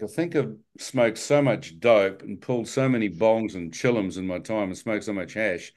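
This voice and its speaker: A man giving a personal testimony as a lively storyteller, self-mocking and chuckling as he goes. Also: lowish voice. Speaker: testimony speaker.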